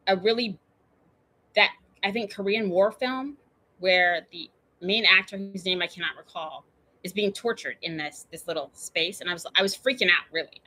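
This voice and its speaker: A woman's voice: medium pitch, sharp tone. A woman hosting her own show, telling a personal story in a chatty, meandering way full of tangents and fillers. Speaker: show host.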